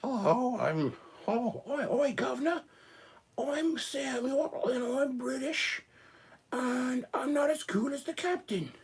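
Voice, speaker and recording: A man doing a squeaky mock-British doll officer. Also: animated, slow pace, slightly rough, recorded from a distance, exaggerated voice. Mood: silly. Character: tiny crocheted male doll officer, mock-British, meek.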